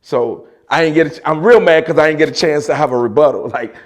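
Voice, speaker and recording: A man with a Chicago accent telling a story in a casual, animated way, with slang and loose restarts. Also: a little high, quick pace. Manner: animated, mimics voices of others in quotes, frequent laughs and slang.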